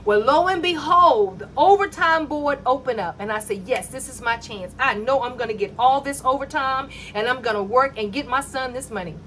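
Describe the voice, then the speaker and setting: A middle-aged woman recounts her own faith story in a high, animated voice. She slips into the voices of the people in it as she goes. A faint room ambience sits under her speech. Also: normal speed, hardly any pauses, a little hiss or hum. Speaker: mother telling a personal faith story. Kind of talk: personal testimony storytelling.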